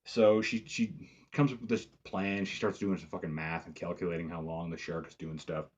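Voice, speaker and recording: Low, husky-voiced man; loose, profane, filler-heavy reviewer recap. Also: level tone, normal speed, highs cut off. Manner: profane, rambling, lots of "like" fillers. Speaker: movie reviewer. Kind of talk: casual film review recap.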